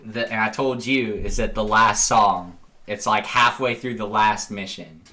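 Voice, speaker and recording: A young man co-hosting a casual podcast chat, animated and laughing often as he acts out lines from a game. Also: on the low side, unhurried. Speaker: podcast co-host.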